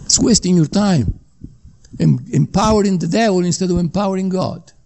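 With a high, gravelly voice of dark tone and a moderate pace, this preacher delivers a Bible teaching sermon. He wanders and repeats himself, frequently asking "okay?" or adding "you know" to check in with his audience.

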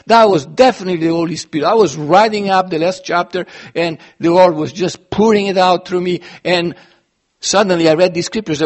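A man's voice: high-pitched, fairly quick. A man preaching a sermon in an earnest, emphatic way, his voice swelling and dropping as he stresses points. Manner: earnest, emphatic, with sudden rises and drops in loudness.

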